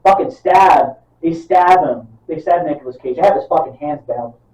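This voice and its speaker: Profane, animated podcast guy. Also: a little high, normal speed, recorded from a distance. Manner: profane, animated, acts out movie scenes. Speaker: podcast co-host. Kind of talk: casual chat. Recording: roomy, off-mic, dull sound.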